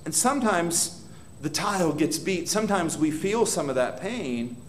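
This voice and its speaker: A pastor with a slightly high voice preaches a dramatic sermon in a church hall, with a little hiss or hum on the recording. He addresses questions to the congregation and builds his spoken prayers to greater intensity.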